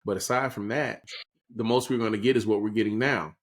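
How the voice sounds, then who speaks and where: A man's voice: fairly low pitch, fairly even intonation, a little fast. Man explaining, checking in with "right?". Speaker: podcast co-host. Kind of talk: casual political chat.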